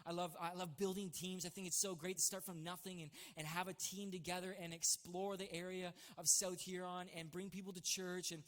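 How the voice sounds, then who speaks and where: Man, church speaker, somewhat high voice, earnest, halting restarts, long hall reverb. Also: flat delivery, a bit bright. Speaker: church site leader preaching. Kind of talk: personal testimony sermon. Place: church stage.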